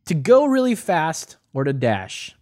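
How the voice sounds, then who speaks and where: Guy hosting a quiz with buddies, kinda high voice, swears a lot, jokey. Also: wildly swooping pitch, unhurried, a little mellow. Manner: joking, profane, explains at length. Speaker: quiz game host. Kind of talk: casual podcast chat.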